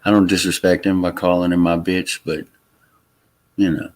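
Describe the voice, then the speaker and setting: A man from Louisiana hosting a casual livestream chat, talking in a halting way with many fillers and restarts. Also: low voice, little pitch movement. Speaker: livestream host. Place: Texas home.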